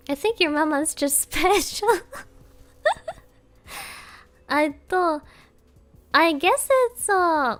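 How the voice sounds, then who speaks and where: A young woman streaming live, chatting casually in a rambling, giggly way with lots of fillers. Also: sits high. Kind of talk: casual chat.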